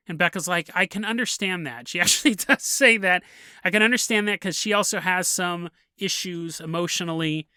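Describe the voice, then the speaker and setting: A man's voice: high-pitched, a little fast, bright, forceful tone, smooth, dry recording, studio quality. A man hosting a podcast, telling a story casually, often laughing and acting out the people in it. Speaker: podcast host.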